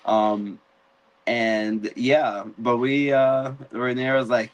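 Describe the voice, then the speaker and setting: A man hosting a live-stream chat about a TV episode. He tells it in an animated way, with sudden jumps in pitch when he acts out characters' lines. His voice sits at a middle pitch with loose fillers. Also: takes it slowly, poor audio. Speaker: podcast host.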